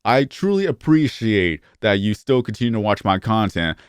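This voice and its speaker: A man's voice: lowish voice, big pitch swings, moderate pace, clean tone, no room sound, studio quality. A man in his thirties talking to his phone camera in a casual vlog, rambling and often restarting or stuttering. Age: 30s. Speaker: YouTuber.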